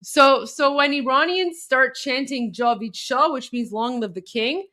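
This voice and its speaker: A woman co-hosting a casual political commentary, talking over video clips in a chatty, animated way with many fillers and restarts. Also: high-pitched, unhurried, a faint crowd.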